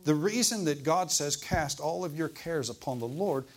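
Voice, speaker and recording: A man preaching a sermon in a church service, asking the congregation questions and swinging between loud and hushed delivery. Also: a little high, expressive, normal speed, breathy edge. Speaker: pastor.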